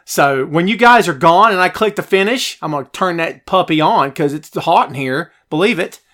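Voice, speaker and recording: A man's voice: on the high side, normal speed. Chatty man hosting a wrestling stream. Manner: chatty, animated, reads viewer comments aloud. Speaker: podcast host. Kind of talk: live-stream chat with viewers. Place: hot home office. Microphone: headphones, phone nearby.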